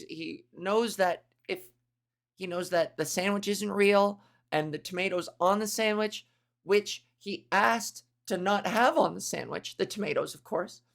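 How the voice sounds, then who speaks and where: A woman comedian hosting her podcast, riffing in a rambling, profane, self-interrupting monologue. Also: medium pitch.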